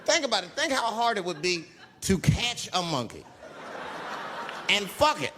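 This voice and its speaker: Comedian on stage, high bouncy voice, acting stuff out, lots of room noise behind. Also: male voice, moderate pace, a crowd in the background. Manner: animated storytelling, acting out characters with shouts. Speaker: stand-up comedian. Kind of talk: stand-up comedy routine. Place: comedy stage before an audience. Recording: live stand-up set with noisy room and audience ambience.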